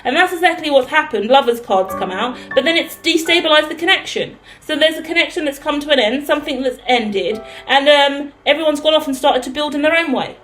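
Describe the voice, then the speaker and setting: A woman's voice: high voice, animated, a little fast, few pauses, a bit bright, faint music behind, poor audio. A British woman giving a spoken tarot reading in a blunt manner, swearing freely as she lays out the cards. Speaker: tarot reader.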